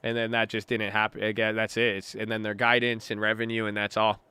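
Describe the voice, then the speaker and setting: Bright, crisp-voiced young man chatting on a livestream. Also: fairly low pitch, little pitch movement, a little fast, no room sound. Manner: loose and chatty, reacting to chat, slang-heavy. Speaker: livestream host reading chat. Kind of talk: casual livestream chat about markets.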